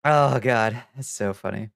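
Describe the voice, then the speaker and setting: A man's voice: mid-range voice, vocal fry, no room sound, studio quality. A man streaming live, chatting casually with viewers, laughing often and swearing offhandedly. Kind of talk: casual livestream chat.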